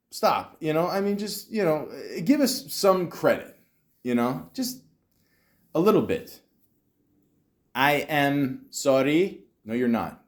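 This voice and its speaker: A man hosting a comedy podcast, ranting in exasperation and stammering often. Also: fairly high pitch. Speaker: podcast host. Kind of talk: comedic commentary.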